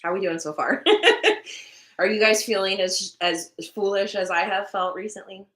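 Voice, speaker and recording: A young woman with a bright, crisp voice hosts a casual live stream, talking straight to her viewers. She is candid and swears freely, laughs often, and drops in the odd Spanish word. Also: medium pitch, steady tone, moderate pace. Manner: mixes in Spanish words. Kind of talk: casual live stream chat about manifesting.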